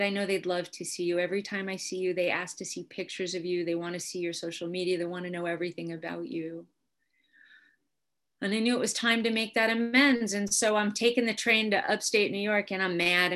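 A woman giving a candid, wry personal testimony, telling her story with humor and sudden quiet moments. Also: medium pitch. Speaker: speaker sharing recovery story.

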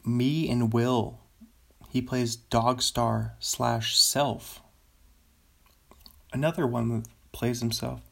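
Slow, rambling young man chatting. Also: medium pitch, gravelly. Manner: rambling, chuckling asides. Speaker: solo video host. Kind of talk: casual chat reading out a filmography.

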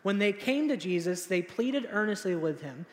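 Young male preacher, casual storyteller who acts out his quotes, high-pitched, reverberant sanctuary. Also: lively intonation, normal speed. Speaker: pastor. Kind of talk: sermon.

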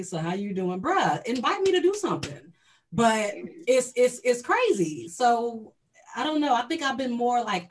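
A woman's voice: medium pitch, a little hiss or hum. A woman co-hosting a podcast, talking candidly and bluntly with plenty of jokes in casual chat. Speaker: podcast co-host.

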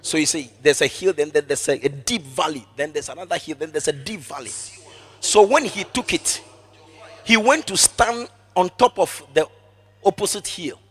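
A man preaching a sermon emphatically, repeating phrases for emphasis and swinging from hushed asides to shouted exclamations. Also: a little high, normal speed, slightly rough, faint music behind.

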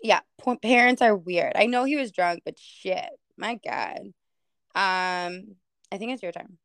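A woman's voice: medium pitch, measured pace, vocal fry, a bit bright, dry recording. A woman co-hosting a podcast in casual chat, incredulous and laughing, swearing freely. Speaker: podcast co-host.

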